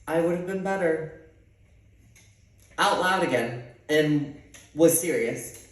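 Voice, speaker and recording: A man, a theater teacher, telling a story in an animated, dramatic way with sassy asides. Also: fairly high pitch, slow pace, far from the mic. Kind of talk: casual storytelling. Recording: echoey room, off-mic.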